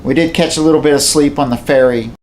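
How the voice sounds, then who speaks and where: A folksy man from southwestern Pennsylvania tells a hunting story to camera, speaking indoors at home next to a mounted moose. He's plainspoken and repeats himself, with a somewhat high voice, fairly even intonation, quick pace and darkish tone, plus a little hiss or hum.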